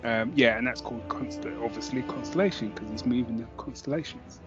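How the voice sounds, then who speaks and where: A man's voice: medium pitch, brisk. Enthusiastic British man over music. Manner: enthusiastic, rambling, self-correcting. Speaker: podcast co-host. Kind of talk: casual chat. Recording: slightly dull lo-fi sound.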